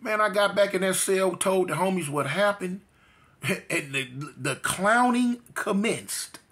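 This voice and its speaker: A man's voice: high voice, big pitch swings, unhurried, sharp tone. A middle-aged man from telling his life story in slangy street talk, full of fillers. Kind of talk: casual storytelling.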